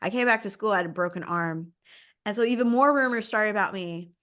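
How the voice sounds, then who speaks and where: A young woman hosting a podcast, telling a personal story in an animated, dramatic way. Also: mid-range voice, brisk. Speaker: podcast host. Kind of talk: casual storytelling chat.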